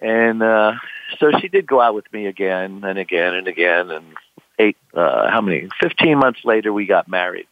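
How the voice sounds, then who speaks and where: Speaking at a moderate pace in a low voice, an older man casually spins a long story from his life, rambling with plenty of "you know" and imitating the people in it. It comes through a tinny, dry phone line.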